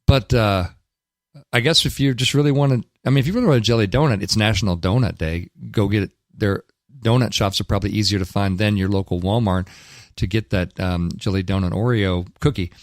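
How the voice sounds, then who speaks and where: A man's voice: fairly low pitch, a little fast, no echo. A man hosting a talk radio show in a studio, giving blunt, emphatic opinions with frequent restarts. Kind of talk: casual talk radio commentary.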